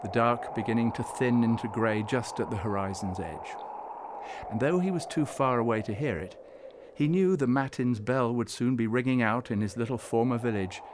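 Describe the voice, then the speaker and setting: A man reading a storybook aloud in scripted narration, measured and gently expressive. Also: lowish voice, background noise.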